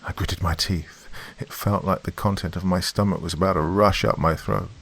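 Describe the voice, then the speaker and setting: Male horror narrator, very deep, gravelly, dramatic delivery. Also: steady tone, moderate pace, a bit bright.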